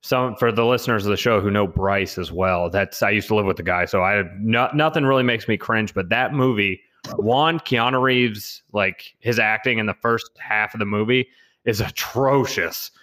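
A man's voice: fairly low pitch, normal speed, a bit bright. Teasing man telling a story on a podcast. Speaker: podcast co-host. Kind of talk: casual chat.

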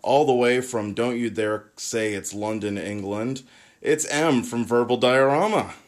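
A man hosting a podcast, joking and rambling in relaxed chat. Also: mid-range voice, a little slow. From United States. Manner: jokey, rambling with restarts. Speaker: podcast host.

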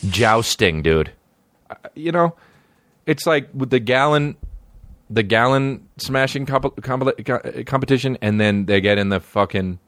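A man's voice: mid-range voice, lively intonation, a little slow, fairly bright tone, dry recording. A man riffing in a casual comedic monologue, rambling and profane, breaking into silly put-on voices. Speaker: comedian podcast host.

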